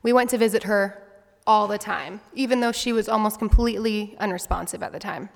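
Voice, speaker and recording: A young woman in her twenties gives a heartfelt spoken story, earnest and reflective. Her voice sits at an ordinary middle pitch. It rings out with a long reverb, as in a large hall. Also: brisk, vocal fry. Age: 20s. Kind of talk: personal story speech.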